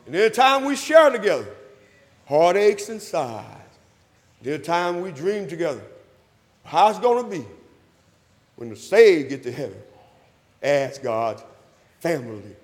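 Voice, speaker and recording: A man preaching a sermon, calling for responses, repeating his phrases and rising to loud emphatic peaks. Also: a little high, very animated, unhurried, long pauses, long reverb tail. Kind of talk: sermon with invitation call. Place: church hall.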